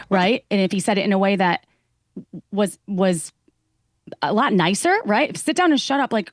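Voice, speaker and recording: A woman's voice: medium pitch, dry recording, clean studio sound. A woman guest, a sex educator, talking earnestly in a casual chat and acting out the lines she quotes.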